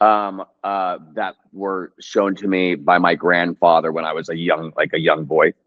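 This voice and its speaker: Man, 30s, low voice, hesitant casual storyteller, muffled lo-fi audio. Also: flat delivery, measured pace. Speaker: actor, guest. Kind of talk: casual chat.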